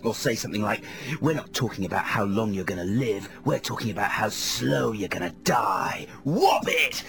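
A man on a comedy radio show impersonating a self-absorbed male film star, talking in a melodramatic breathy stage whisper. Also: lowish voice, expressive, moderate pace. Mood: brooding. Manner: melodramatic, self-mocking monologue. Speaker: radio host. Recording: radio broadcast with music underneath.

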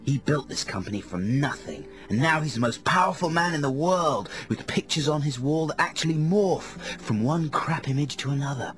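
A man on a comedy radio show impersonating a self-absorbed male film star, talking in a melodramatic breathy stage whisper. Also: a little high, lively intonation, normal speed, hardly any pauses, a bit bright, pitched above the performer's own voice. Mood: gushing. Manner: melodramatic, self-mocking monologue. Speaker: radio host. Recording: radio broadcast with music underneath.

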